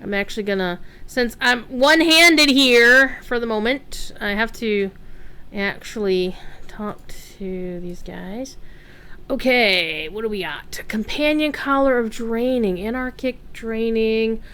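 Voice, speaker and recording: A woman's voice: fairly high pitch, slow pace, pushed and bright, smooth. A woman streaming a game, chatting casually and rambling through asides with plenty of fillers and offhand swearing. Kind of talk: casual gameplay commentary.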